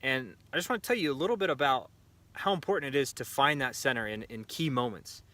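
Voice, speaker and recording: Bright-voiced man chatting casually. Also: medium pitch, lively intonation, quick pace, no echo. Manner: conversational, many fillers and restarts. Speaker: shooting coach and show host. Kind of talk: casual talk to camera. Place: outdoor pistol range.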